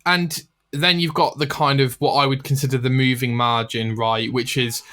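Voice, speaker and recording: Male podcast host, casual and chatty, average pitch. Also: flat delivery, moderate pace, sharp tone. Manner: chatty, filler-heavy, reads out listener email. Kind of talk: casual gaming chat.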